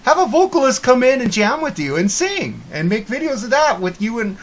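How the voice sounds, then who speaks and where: A man's voice: very high-pitched, big pitch swings, fairly quick. A man talking casually and bluntly to a friend, swearing freely as he gives frank advice. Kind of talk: casual chat.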